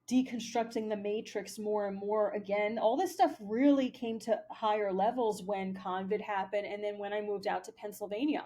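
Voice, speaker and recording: Mid-range and mellow, this woman's voice carries a rambling, casual monologue peppered with swearing and plenty of fillers like "like" and "um." She is a spiritual vlogger from Pennsylvania.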